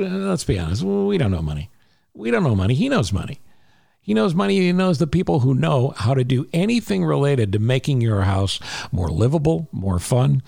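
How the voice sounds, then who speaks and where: A podcast host with a mid-range, darkish voice and some vocal fry chats his way through an ad read and a charity plug, emphatically repeating the key points. The sound is clean studio quality with no echo.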